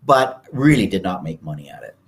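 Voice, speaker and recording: A man in his sixties from Canada, a guest telling stories in an animated, casual way, often acting out other people's voices. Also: sits low, fairly quick. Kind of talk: casual storytelling interview.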